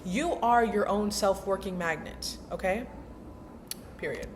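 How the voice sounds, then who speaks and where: A woman's voice: medium pitch, a little slow, noisy background. A young woman vlogging casually about mindset, chatty and emphatic, with lots of slang. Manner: chatty, emphatic, slangy, acts out inner voices. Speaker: self-help vlogger. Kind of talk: casual motivational talk.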